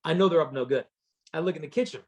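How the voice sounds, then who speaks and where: A man with a somewhat high, husky voice gives a lively conference talk to teens. He tells punchy, humorous stories and acts out each person in them. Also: fast. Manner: lively storyteller acting out quotes. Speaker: chastity speaker.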